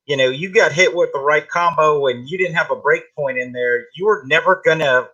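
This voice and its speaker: A man co-hosting a casual podcast, chatty and animated. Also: on the high side, normal speed, highs cut off. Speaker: podcast co-host.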